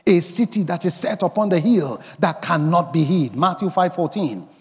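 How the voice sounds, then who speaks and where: A man preaching a sermon as pastor, emphatic, rising to shouts and bursts of song. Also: high-pitched, animated, normal speed, long reverb tail. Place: church.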